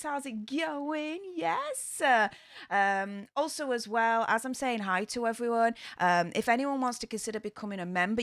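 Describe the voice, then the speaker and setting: A woman's voice: fairly high pitch, a bit bright, dry recording. A woman hosting a casual livestream from her home studio, chatty and upbeat, with plenty of fillers. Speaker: livestream host. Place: home studio room in a new house.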